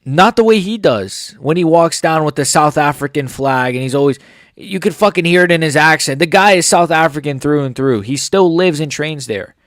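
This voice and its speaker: A man's voice: fairly high pitch, animated, normal speed, fairly bright tone, no room sound, clean studio sound. A man hosting a casual MMA commentary channel, blunt and opinionated, swearing as he reacts to clips and comments. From United States.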